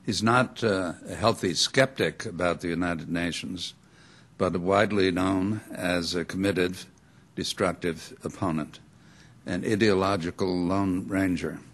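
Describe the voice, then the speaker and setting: An older man with a very low voice speaks emphatically in an interview. He pauses and fills gaps with "uh" while building his points. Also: fairly even intonation, a bit bright.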